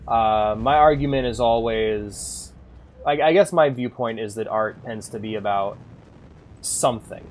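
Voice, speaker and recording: A man streaming a game, rambling and swearing freely as he thinks out loud between moves. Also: on the low side, unhurried. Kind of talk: casual gameplay commentary.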